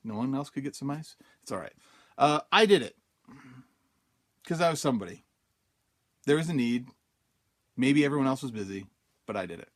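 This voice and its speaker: A man's voice: medium pitch, lively intonation, quick pace, long pauses, darkish tone. Guy from utah telling a story on his podcast, laid back, lots of ums, acts out what he was thinking. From Utah, USA. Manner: conversational, many fillers, acts out his own quoted thoughts. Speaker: podcast host. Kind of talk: casual storytelling monologue.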